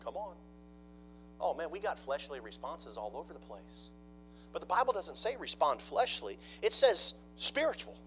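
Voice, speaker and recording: A man preaching a sermon, dropping to hushed mock-gossip asides and then rising into loud, emphatic preaching. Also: fairly high pitch, very animated, moderate pace, husky, soft background music, poor audio. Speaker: pastor.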